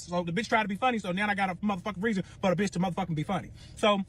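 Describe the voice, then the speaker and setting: Fast-talking profane young man. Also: high voice, breathy edge. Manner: profane, animated retelling with quoted dialogue. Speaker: storyteller. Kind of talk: casual storytelling.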